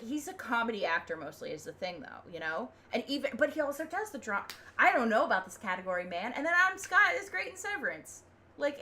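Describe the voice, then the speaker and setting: A woman's voice: mid-range voice, fairly bright tone. A young American woman livestreaming, chatting casually and rambling with opinions, fillers and frequent laughs. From United States. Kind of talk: casual chat.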